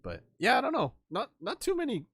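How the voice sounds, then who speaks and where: Young male streamer, rambling casual chat, lively swinging pitch, dry close sound. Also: a little fast, slightly rough, no echo. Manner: rambling, laughs, swears, acts out quotes.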